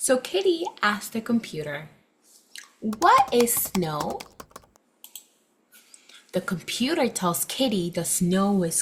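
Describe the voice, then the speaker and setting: A young woman teacher reading a picture book aloud to children and leading a phonics lesson, with exaggerated, expressive delivery. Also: a little high, slight background noise. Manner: animated, exaggerated expression with gasps, slow clear delivery.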